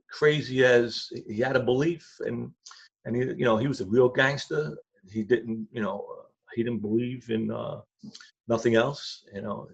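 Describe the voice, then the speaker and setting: Older man, gravelly, husky voice, rambling street-talk stories, dull lo-fi recording. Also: medium pitch. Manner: rambling, repetitive, blunt street grammar. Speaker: former crime crew associate, guest. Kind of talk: casual anecdotal storytelling. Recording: dull lo-fi sound.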